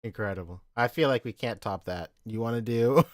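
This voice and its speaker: A woman co-hosting a podcast in casual chat, giggly and quick to burst out laughing. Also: a bass voice, dry recording, clean studio sound. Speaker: podcast co-host.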